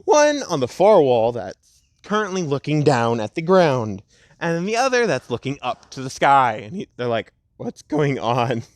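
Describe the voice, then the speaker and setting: A young man at home casually narrating a fan story, rambling and laid-back, slowing down for the dramatic parts. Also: fairly high pitch, big pitch swings, dry recording, clean studio sound.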